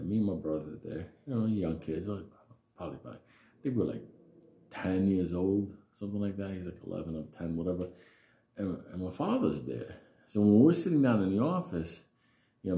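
A man's voice: low-pitched, gravelly, mellow. A man telling a childhood story in a casual, rambling, profane way with lots of fillers. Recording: roomy echo.

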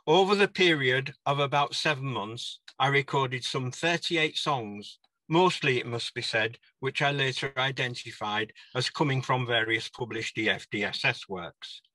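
A man's voice: mid-range voice, sharp tone, no room sound. An older man giving a conference talk on folk song collecting, now and then singing short verses in a put-on country dialect. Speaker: conference speaker. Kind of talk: presentation on folk song research.

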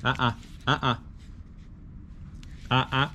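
A man, a dog trainer, explaining his method while giving gentle short commands and praise. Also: mid-range voice, unhurried, a little hiss or hum.

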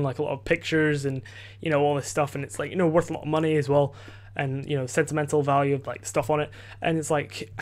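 Talking quickly in a voice on the high side, a teenage boy tells a rambling story on his podcast through a desk microphone. Fillers and restarts pile up, and he curses loosely as he goes.

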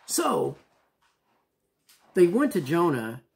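A man's voice: a little high, wildly swooping pitch, drawn-out words, vocal fry. A man teaching children a Bible lesson in a casual, upbeat way, often asking them questions.

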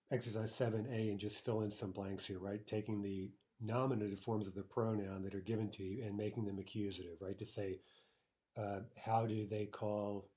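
Male language teacher, low husky voice, easygoing explainer who keeps checking in. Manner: relaxed, many uh fillers and "right?" checks. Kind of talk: recorded lesson explaining grammar.

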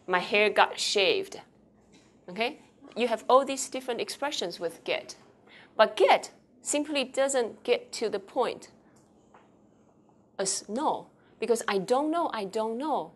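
A woman lecturing a university class, switching between Mandarin with a Taiwanese accent and English, quizzing students as she explains. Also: medium pitch. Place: lecture hall.

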